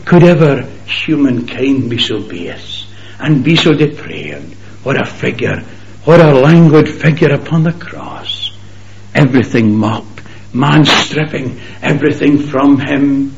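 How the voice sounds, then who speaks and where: A man preaching a sermon to a congregation, impassioned, rising to ringing exclamations and dropping to hushed whispers. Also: mid-range voice, animated, slow, gravelly, poor audio.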